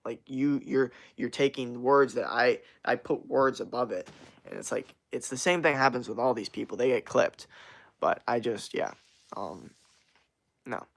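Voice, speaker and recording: A young man chats casually on a livestream in an unhurried, gravelly voice of medium pitch. He's a streamer who rambles through answers to chat comments, heavy on fillers and slang.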